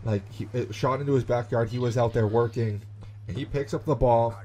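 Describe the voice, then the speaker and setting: A young adult man, a gaming YouTuber, telling a childhood story in animated, chatty commentary with lots of fillers. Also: mid-range voice, brisk, slight background noise. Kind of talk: storytelling commentary over gameplay.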